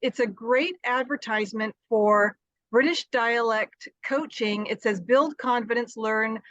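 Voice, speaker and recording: Casting: enthusiastic woman host, fairly high voice, dry and slightly muffled call sound. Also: measured pace, fairly bright tone, dry recording. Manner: effusive and enthusiastic. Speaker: interview host. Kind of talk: casual interview chat.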